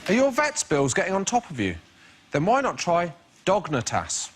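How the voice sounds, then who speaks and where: A man's voice: high voice, huge pitch swings, moderate pace. A man doing mock-advert comedy lines on a panel show. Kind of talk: improvised comedy. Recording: heavy background noise.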